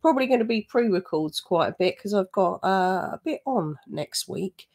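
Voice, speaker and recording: A woman's voice: mid-range voice, lively intonation, normal speed, a little mellow. A woman hosting a reaction commentary channel, talking in a blunt, scornful, chatty way with frequent laughs.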